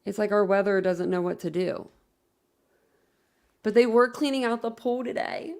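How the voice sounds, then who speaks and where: A woman's voice: mid-range voice, moderate pace, gravelly, pauses often, darkish tone. A woman hosting a casual livestream, rambling and chatting while reading viewer comments aloud. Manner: rambling, chatty, many fillers and self-corrections. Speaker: livestream host.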